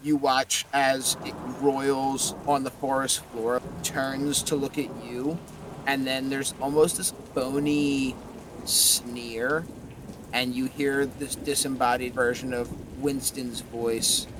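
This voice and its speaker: Slow-narrating male game master. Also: medium pitch, little pitch movement, background noise. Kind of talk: narrating a tabletop horror game.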